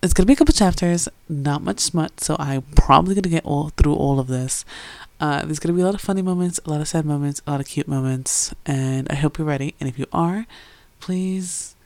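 This fan fiction reader has a low voice and talks fairly quickly in a clean recording with no echo. She opens with a chatty, filler-heavy intro, then reads a romance story aloud in steady narration.

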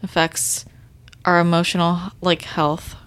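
A woman's voice: lowish voice, level tone, a little slow, fairly bright tone, clean tone, no echo. A woman hosting a casual podcast conversation, asking curious questions with lots of "like" and brief agreeing sounds.

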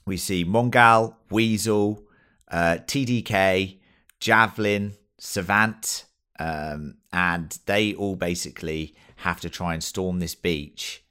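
A man's voice: sits low, bright, forceful tone. A man co-hosting a casual film review chat, enthusiastic and swearing freely as he acts out lines. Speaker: podcast co-host.

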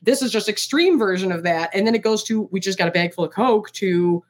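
A woman in casual conversation, reviewing a film with a friend, talking animatedly and acting out bits of dialogue. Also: medium pitch. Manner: animated, quick restarts, acts out quotes. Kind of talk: casual podcast chat.

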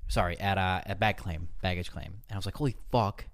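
Male podcast co-host, lower voice, animated storyteller, curses a lot. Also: fast talker. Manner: animated, profane, rambling anecdotes.

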